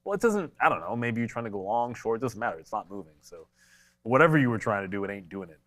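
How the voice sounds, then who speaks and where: A man's voice: lowish voice, very animated, fast, fairly bright tone. A man co-hosting a live stock market show, giving blunt, conversational trading commentary and answering chat questions, a little congested from allergies.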